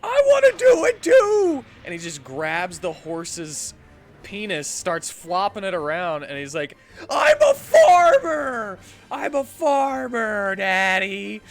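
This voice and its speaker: A man voicing an unhinged adult manchild, screaming in a shrill, strained voice. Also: unhurried, fairly bright tone, soft background music. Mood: manic.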